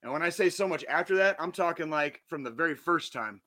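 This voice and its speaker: A podcast host in his forties delivers a blunt, heavily profane yet earnest pep talk in a casual motivational monologue. His voice sits on the high side, expressive and fairly quick, with a bright, forceful tone.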